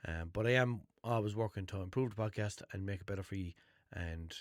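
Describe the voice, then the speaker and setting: A man's voice: fairly low pitch, fairly quick, no echo, studio quality. A man with an Irish accent hosting his own podcast, telling a story in a loose, exasperated, swearing ramble. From Limerick, Ireland. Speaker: podcast host. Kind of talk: unscripted casual rambling monologue.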